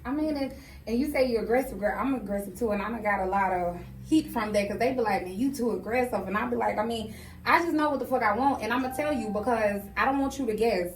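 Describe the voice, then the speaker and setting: Podcast co-host, woman, quick and emphatic, assertive, recorded in an echoey room. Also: on the high side, distant mic. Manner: emphatic, assertive, swears freely. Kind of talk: casual chat. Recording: echoey room, off-mic, faint noise.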